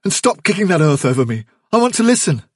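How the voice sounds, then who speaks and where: A man's voice: medium pitch, moderate pace, husky, no echo, clean studio sound, pitched above the performer's own voice. A man voicing a young male rabbit leader who speaks in a firm, urgent way.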